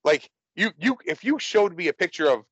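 A man's voice: high-pitched, sing-song, normal speed, fairly bright tone, slightly rough, dry recording, highs cut off. Rambling man in a film chat. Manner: rambling, many restarts. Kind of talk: casual movie discussion.

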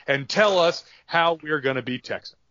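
A man's voice: on the high side, moderate pace, bright, forceful tone, no echo, highs cut off. A man voicing a proud, fiery Texan wrestler who hurls folksy trash talk. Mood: fired up. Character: brash proud Texan male wrestler challenger.

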